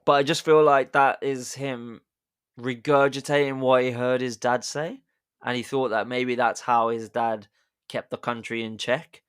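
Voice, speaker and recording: A podcast host tells history as a casual story, chatty and jokey, laughing at his own jokes. His mid-range voice is smooth, a bit bright, steady in tone, and unhurried.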